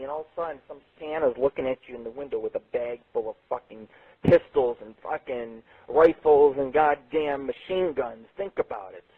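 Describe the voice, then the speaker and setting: A man hosting a late-night internet radio show, telling rambling, profane stories with sudden jumps in pitch. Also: breathy edge. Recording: tinny phone-like sound.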